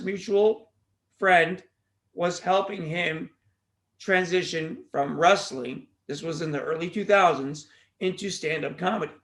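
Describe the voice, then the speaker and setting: Brief: male podcast host, high voice, loose rambling monologue full of jokes and tangents. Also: a bit bright. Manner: jokey, goes off on tangents, plugs the show.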